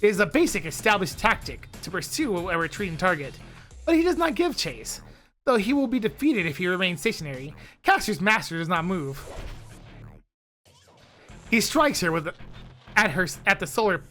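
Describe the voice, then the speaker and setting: A woman reads a visual novel aloud on her stream, her bright voice leaping all over the scale. She keeps slipping into playful asides and jokes between passages. Soft music runs faintly underneath. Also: lowish voice, normal speed, long pauses. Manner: animated, breaks off with laughs and asides. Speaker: streamer and narrator.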